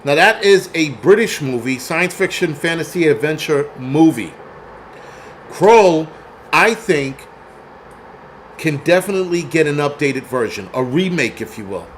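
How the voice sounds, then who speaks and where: A man in his forties chats loosely on a livestream, swearing freely and jumping between thoughts. His voice sits a little high for a man. A faint hum of room ambience runs underneath. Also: animated, measured pace. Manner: profane, rambling, reads chat aloud. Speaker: film review livestream host. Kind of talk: casual livestream chat.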